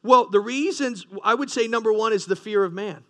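A man's voice: high-pitched, a little fast, pushed and bright. A man preaching a sermon, earnest, with rising emphasis and frequent restarts. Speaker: pastor.

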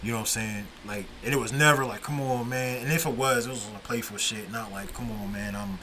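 A man's voice: fairly low pitch, fast, background noise. A man hosting a podcast, telling stories in a laid-back, profane, casual way. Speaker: podcast host.

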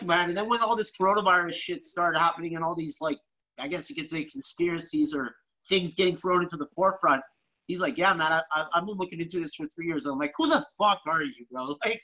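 A man's voice: high voice, animated, fast talker, bright, forceful tone, rough recording. A man hosting a casual podcast, laid-back, swearing freely and calling people "bro". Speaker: podcast host.

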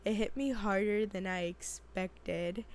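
A woman hosting her own show in casual chat, hoarse and raspy from illness, chatty and rambling, laughing often and second-guessing herself. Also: mid-range voice, fairly even intonation, slow pace, darkish tone. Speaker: podcast host.

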